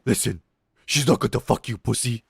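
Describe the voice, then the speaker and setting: A man's voice: mid-range voice, normal speed, gravelly, darkish tone, husky, no room sound, studio quality. A man voicing a brash, hot-tempered schoolboy bully who jeers and taunts in a crude way. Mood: taunting.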